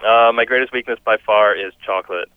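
A man being interviewed as a guest about his children's books, relaxed and chuckling as he talks. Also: fairly low pitch, a little fast, smooth, dry recording. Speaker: guest, children's book author and illustrator. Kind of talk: casual interview chat. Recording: dry, dull lo-fi sound.

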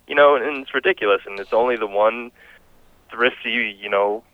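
A man being interviewed as a guest about his children's books, relaxed and chuckling as he talks. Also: mid-range voice, a little fast, no echo. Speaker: guest, children's book author and illustrator. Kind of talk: casual interview chat. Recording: dry, dull lo-fi sound.

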